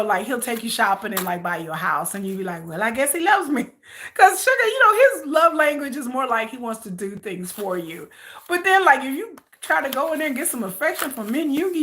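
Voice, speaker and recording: A woman vlogger in casual, gossipy commentary, joking and animated as she talks to her viewers. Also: sits high.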